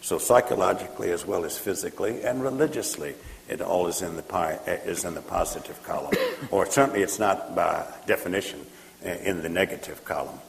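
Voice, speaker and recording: A man giving a measured, point-by-point answer with many pauses and fillers, in a gravelly voice. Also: low voice. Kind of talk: lecture-style answer. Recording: echoey hall with faint noise.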